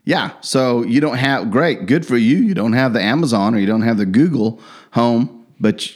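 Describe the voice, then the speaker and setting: A podcast co-host with a medium-pitched voice talks at a moderate pace in casual conversation. He tells stories in a relaxed way, acting out the quotes as he goes.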